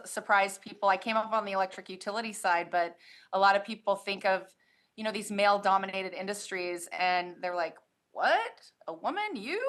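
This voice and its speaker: A woman's voice: medium pitch, sharp tone. A woman who leads a labor union, giving friendly, chatty answers as a podcast guest and laughing easily. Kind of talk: casual interview answers.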